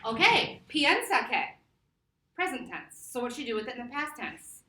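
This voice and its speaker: Bright-voiced woman teaching a class. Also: fairly high pitch, a little hiss or hum. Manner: lively, laughing, drawn-out modelling of words. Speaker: Spanish teacher. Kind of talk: classroom lesson. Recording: echoey classroom from far off.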